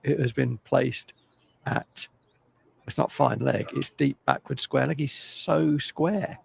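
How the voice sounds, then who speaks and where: Older man, very gravelly voice, live cricket commentary, chatty, opinionated, faint hiss behind. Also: medium pitch, steady tone, measured pace. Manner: chatty, opinionated, self-deprecating.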